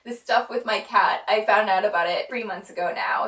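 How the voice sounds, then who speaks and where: A woman's voice: on the high side, animated, normal speed, few pauses, a bit bright. A young woman vlogger talking casually and earnestly, with frequent fillers. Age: young adult. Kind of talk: casual chat. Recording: roomy sound from a distant mic.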